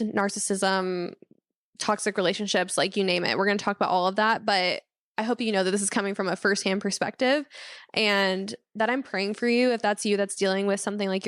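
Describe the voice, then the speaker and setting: A woman's voice: medium pitch, clear, resonant tone, no room sound, studio quality. A young woman hosting her own podcast, sharing a personal faith testimony in an earnest, heartfelt way with frequent fillers and restarts. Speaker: podcast host.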